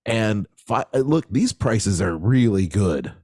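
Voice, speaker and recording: A man's voice: on the low side, lively intonation, slow pace, darkish tone, breathy edge, dry recording, clean studio sound. A man co-hosting a podcast in casual chat, playful and jokey, laughing often. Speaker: podcast co-host.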